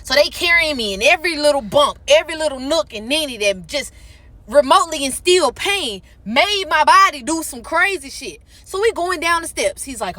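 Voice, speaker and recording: A woman's voice: high-pitched, animated, normal speed, pushed and bright, dry recording. A woman in casual storytime narration, acting out the voices in her story.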